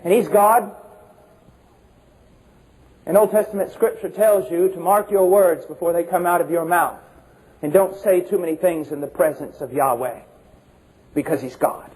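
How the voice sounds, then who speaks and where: A man preaching with a notably high voice. He hammers his points with repetition and pointed rhetorical questions. His delivery lurches between raised, almost shouted declarations and low, hushed warnings. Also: moderate pace, pauses often, poor audio. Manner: impassioned, emphatic, swings between shouting and hushed low tones. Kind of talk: sermon.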